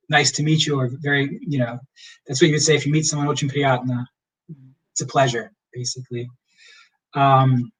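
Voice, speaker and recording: A young man teaching as a history professor in a casual livestream lecture, relaxed and rambling with many fillers. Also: medium pitch, far from the mic, rough recording.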